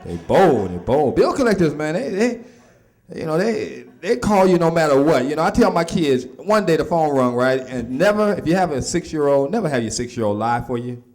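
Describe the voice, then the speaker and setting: A man's voice: fairly high pitch, big pitch swings, brisk, darkish tone. A middle-aged man doing a stand-up routine in a loose, conversational way, full of asides to the crowd. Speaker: stand-up comedian.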